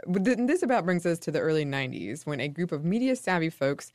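Low-voiced woman co-host, wry and giggly, dry studio. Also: quick pace, dry recording. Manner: wry, giggly, deadpan asides. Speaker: podcast co-host. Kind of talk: casual conversational history chat.

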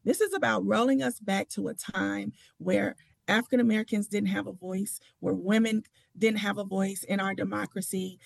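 A woman's voice: mid-range voice, fairly even intonation, moderate pace, vocal fry, dry recording. A woman who serves as a state senator, talking with passion and emphasis, often restarting her sentences. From Tennessee. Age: adult with children. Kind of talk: political interview talk.

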